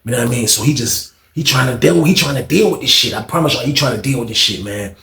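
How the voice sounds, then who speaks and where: Gravelly slangy man telling a story. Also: mid-range voice, quick pace, reverberant. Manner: slangy, animated, repeats "you know what I mean". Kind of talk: casual storytime monologue.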